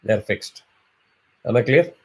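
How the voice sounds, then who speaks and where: A man with a husky, mid-range voice speaks slowly and expressively while teaching an online chanting class. He explains things patiently and draws out syllables to demonstrate.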